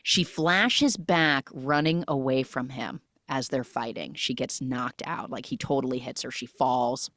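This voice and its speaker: A woman with a low voice recaps a movie for a podcast in an animated storytelling style. She keeps switching into quotes from the characters. The recording is dry and close. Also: unhurried, hardly any pauses, no echo. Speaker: podcast host.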